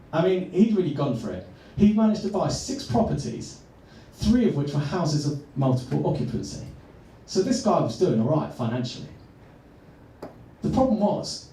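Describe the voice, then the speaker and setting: A man, a coach, telling a personal story earnestly and slowing down for emphasis. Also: a little high, dark tone, slight background noise. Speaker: transformational coach. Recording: echoey room, far from mic.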